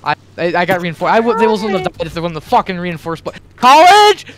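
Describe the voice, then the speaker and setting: Flustered high-voiced gamer over noise. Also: male voice, quick pace, a crowd in the background. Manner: flustered, stammering. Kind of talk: multiplayer voice chat.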